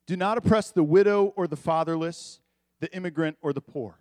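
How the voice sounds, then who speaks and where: A pastor preaching a sermon in a conversational, animated way, with quick asides to the congregation. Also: male voice, on the high side, dry recording.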